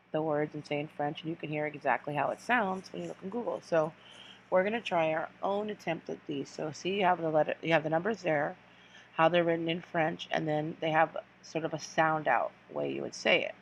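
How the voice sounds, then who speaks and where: A woman teacher with a fairly low voice leads a recorded lesson for children. She talks slowly and patiently and repeats each word so students can echo it. A faint hiss sits under the recording. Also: creaky. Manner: slow, patient, repeats words for students to follow.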